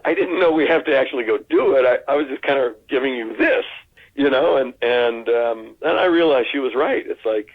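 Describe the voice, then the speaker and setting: A man's voice: mid-range voice, brisk. Man telling stories over a tinny line. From United States. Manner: animated anecdote-telling, lots of restarts and acted-out quotes. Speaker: actor guest. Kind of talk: casual interview storytelling. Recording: phone-like narrow sound.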